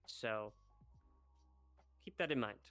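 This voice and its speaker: A man's voice: fairly low pitch, lively intonation, slow pace, a bit bright, no echo, faint music behind. A man organizing a role-play event, briefing the group in a loose, rambling way with lots of filler words over voice chat. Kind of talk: casual instructions to a group.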